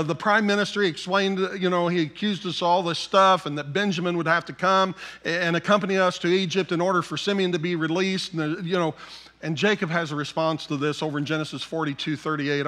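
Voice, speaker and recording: A man's voice: fairly high pitch, fairly even intonation, fairly quick, sharp tone. A middle-aged man, a pastor, preaching a sermon, telling the story in a conversational way with asides to his listeners.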